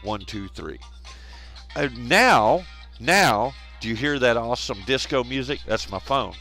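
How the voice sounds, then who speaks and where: A man's voice: medium pitch, expressive, unhurried, pushed and bright, faint music behind. A man hosting a casual live stream, rambling, laughing often and bantering with viewers in chat.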